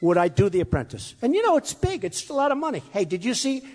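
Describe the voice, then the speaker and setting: High lively voiced guy bragging and rambling through a campaign speech, long hall echo. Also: quick pace. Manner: rambling, boastful, repeats himself. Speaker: candidate speaking at a campaign event. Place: large hall with a crowd.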